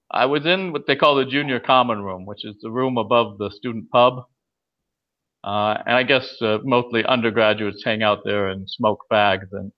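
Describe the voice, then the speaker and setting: Male guest, casual storyteller, halting with fillers, dull lo-fi recording. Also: medium pitch. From California. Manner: hesitant, many uh fillers and restarts. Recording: dull lo-fi audio.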